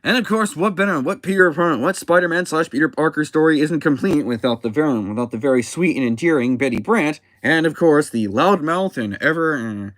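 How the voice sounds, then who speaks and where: A man casually reviewing a comic book, talking in a halting way with frequent restarts and self-corrections. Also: a little high, a bit bright, dry recording.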